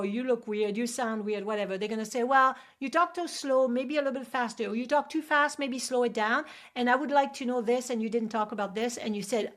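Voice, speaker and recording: A woman with a French accent hosting a show and coaching guests, energetic and often checking in with "right?". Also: fairly high pitch. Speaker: host and acupuncture coach. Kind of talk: coaching advice in a video call show.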